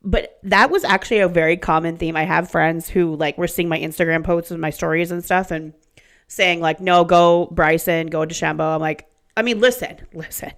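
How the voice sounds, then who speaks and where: A woman's voice: on the low side, brisk. A woman in her thirties co-hosting a podcast, chatting casually and swearing freely as she tells stories. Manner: profane, animated storyteller. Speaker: podcast co-host. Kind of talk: casual chat.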